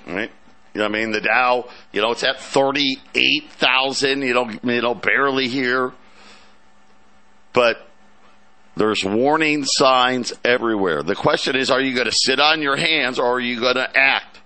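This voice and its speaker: A man hosting a markets talk show, animated and sarcastic, full of restarts and asides. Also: medium pitch, unhurried. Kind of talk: market commentary chat.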